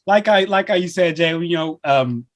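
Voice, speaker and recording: A man with a high voice hosts a casual sports podcast. He talks loosely in slang and laughs often. His manner is relaxed and friendly toward his co-host. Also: normal speed.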